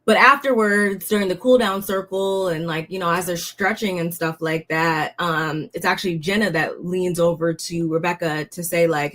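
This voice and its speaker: A woman's voice: fairly low pitch, steady tone, fairly quick, few pauses, a bit bright. A young woman giving a casual, blunt recap of a reality show, talking in slang and often sounding fed up. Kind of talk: casual commentary.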